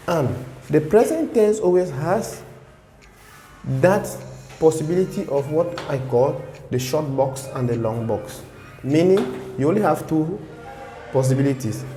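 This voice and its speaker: A man teaching a beginner French lesson online, speaking patiently, repeating examples slowly and checking in with "okay?". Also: medium pitch, dark tone. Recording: echoey room with long reverb, faint hum.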